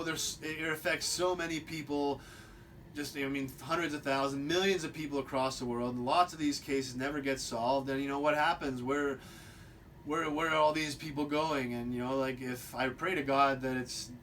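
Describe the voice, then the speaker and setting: Casting: male host, loose unscripted monologue, mid-pitched, stumbles and restarts, faint rumble behind. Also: steady tone, moderate pace, a bit bright. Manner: rambling, many restarts and repeats. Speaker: video host. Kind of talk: casual monologue.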